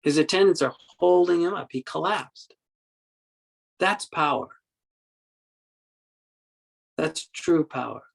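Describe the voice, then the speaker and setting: A man giving a Buddhist dharma talk as a meditation teacher, telling stories in a halting way with many repeated words and acting out quoted speech. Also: on the high side, vocal fry, slightly rough, rough recording. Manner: acts out quoted speech in the story.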